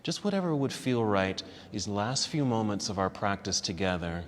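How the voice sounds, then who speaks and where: A man teaching a yoga class, calmly cueing poses step by step and easing toward relaxation, a little out of breath. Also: fairly low pitch, normal speed, hardly any pauses, in a large hall, a little hiss or hum. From United States. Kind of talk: guided yoga class instruction. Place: yoga studio.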